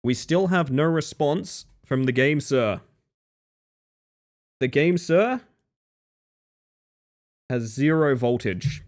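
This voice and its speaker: A man's voice: mid-range voice, expressive, slow, long pauses, a little mellow. A man live-streaming a game, chatting casually and dryly to his viewers with self-mocking asides. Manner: dry, self-mocking, talks to chat.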